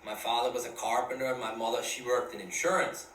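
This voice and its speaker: A man's voice: medium pitch, little pitch movement, quick pace, fairly bright tone, a little hiss or hum. A man with a Pennsylvania Dutch accent answering interview questions casually and restarting his sentences. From Pennsylvania, USA. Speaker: interviewee, teacher. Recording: echoey room from far off.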